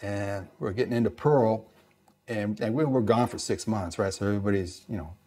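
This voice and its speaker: Husky-voiced Navy veteran man telling stories. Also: lowish voice, brisk. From East Los Angeles, USA. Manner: animated storyteller, acts out dialogue, lots of "you know". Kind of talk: storytelling interview.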